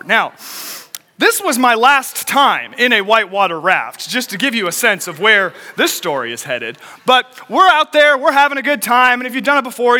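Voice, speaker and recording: High, bright-voiced pastor preaching. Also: male voice, in a large hall. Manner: fast, animated storytelling. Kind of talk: sermon.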